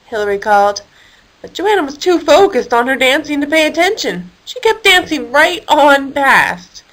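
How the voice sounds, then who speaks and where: Lively woman reading a children's story. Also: sits high, moderate pace, poor audio. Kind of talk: storybook read aloud for children.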